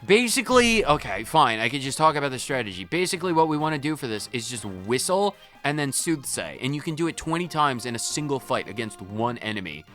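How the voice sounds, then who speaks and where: A man's voice: mid-range voice, expressive, brisk, hardly any pauses, fairly bright tone, faint music behind. A man casually commentating a video game as he plays, joking and cutting himself off mid-sentence. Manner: jokey, self-interrupting, repeats words. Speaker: let's play host.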